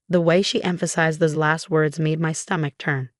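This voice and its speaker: A woman narrating a first-person story in an even, measured way. Her voice sits on the low side, recorded close and dry with no room sound. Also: no room sound.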